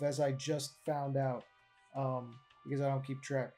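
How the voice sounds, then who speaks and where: A podcast host chatting casually with a guest, loose and profane and quick to laugh. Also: medium pitch, little pitch movement, mellow, soft background music. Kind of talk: casual chat.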